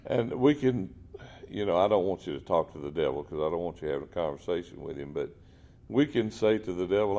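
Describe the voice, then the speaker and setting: A man's voice: low-pitched, expressive, fairly quick, dark tone. A man telling faith stories in a folksy, earnest way. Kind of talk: casual Christian talk.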